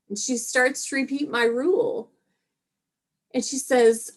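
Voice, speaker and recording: A middle-aged woman telling stand-up jokes in an unhurried, dry manner over a video call. Her voice sits a little high for a woman and she lets each line land slowly. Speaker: stand-up comedian. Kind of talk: stand-up comedy set.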